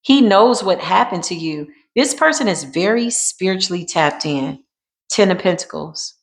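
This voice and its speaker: A woman's voice: fairly low pitch, animated, normal speed. A woman doing a casual tarot card reading, talking in an emphatic, repetitive and colloquial way and calling her viewers y'all.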